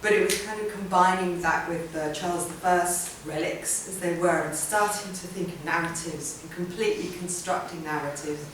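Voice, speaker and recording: A woman's voice: on the low side, normal speed, hardly any pauses, slight background noise. Woman speaking in an echoey hall. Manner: chatty, rambling, many ums and restarts. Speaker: artist giving a talk. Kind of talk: informal public talk. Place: event room or hall. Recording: roomy hall sound from a distant mic.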